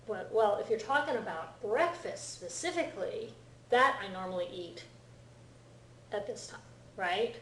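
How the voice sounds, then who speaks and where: A middle-aged woman teaches a class in a patient, explanatory way, often pausing to ask whether her students follow. Her voice sits at an ordinary pitch for a woman. It comes from across a reverberant classroom, with faint room noise behind it. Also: expressive, a bit bright, far from the mic. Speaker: Japanese language teacher. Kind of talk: classroom lecture. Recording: echoey classroom recorded from afar.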